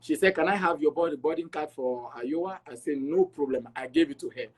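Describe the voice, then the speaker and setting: A middle-aged man from Togo, an interview guest, telling his travel story in an animated way and acting out the dialogue. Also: a little high, brisk, slightly rough. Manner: animated, acts out dialogue with repeats.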